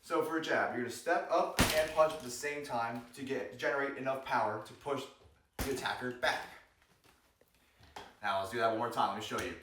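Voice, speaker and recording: A man with a medium-pitched voice speaks briskly in a joking self-defense vlog, playful and energetic as he demonstrates moves, explains them, cracks jokes, and calls out strikes. The recording is roomy, noisy, and the mic is distant.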